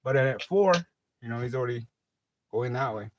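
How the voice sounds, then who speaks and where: A man's voice: medium pitch, expressive, brisk, lo-fi sound, crowd noise. A middle-aged man hosting a livestream, telling rambling stories in casual chat, cursing freely. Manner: rambling profane storytelling. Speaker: livestream host. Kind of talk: casual late-night chat.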